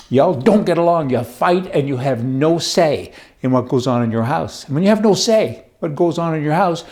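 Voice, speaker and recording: A man's voice: a little high, dark tone. A man giving a casual, opinionated commentary monologue, joking and ranting in a folksy way. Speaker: political commentator.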